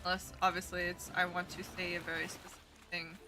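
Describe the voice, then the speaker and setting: A woman's voice: lowish voice, level tone, quick pace. A young woman streaming a game, chatting casually with her viewers in a rambling, giggly way. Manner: giggly, rambling, talks to chat. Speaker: VTuber streamer. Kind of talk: casual live-stream chat. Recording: gaming stream with game music.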